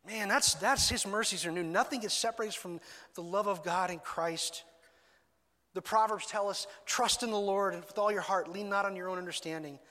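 A male pastor preaches in an earnest, conversational way, often stumbling and restarting his phrases. His voice is bright and sits a bit high. The sound rings with the long reverb of a church sanctuary. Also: moderate pace. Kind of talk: sermon.

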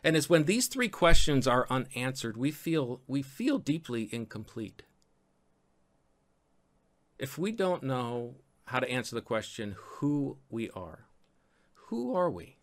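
A male pastor delivers a sermon with lively, animated energy and playful asides to the congregation. His voice sits at a middling pitch. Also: measured pace.

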